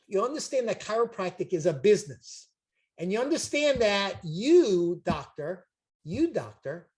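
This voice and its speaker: An older man, making an emphatic, repetitive, jokey sales pitch on a video call as a chiropractic seminar promoter. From Brooklyn, New York.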